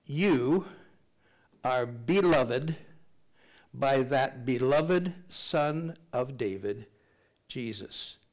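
A man's voice: medium pitch, gravelly, a little mellow. An older man preaching a sermon, reading scripture aloud and telling stories in a conversational way, with rambling, self-deprecating asides. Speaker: pastor.

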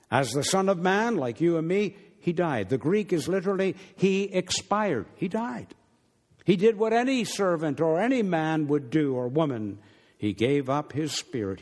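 A man preaches a sermon with wide swings, dropping some phrases low and hushed and lifting others sharply and emphatically. Long hall reverb surrounds him.

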